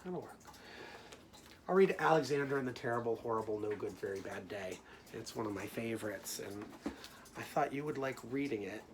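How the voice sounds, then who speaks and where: Gentle male teacher talking to children. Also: mid-range voice, expressive, normal speed, background noise. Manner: gentle, talking through feelings aloud. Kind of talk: storytime lesson for children.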